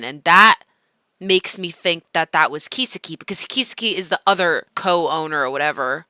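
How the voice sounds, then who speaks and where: A woman giving excitable, casual reaction commentary on an anime, swearing freely. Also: fairly low pitch, moderate pace, dry recording.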